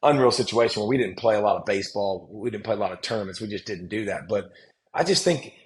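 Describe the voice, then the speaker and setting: A man, telling stories as a podcast guest, emphatic and animated, often restarting his sentences. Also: on the low side, fast, poor audio. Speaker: guest, former football player and analyst. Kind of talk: casual podcast conversation.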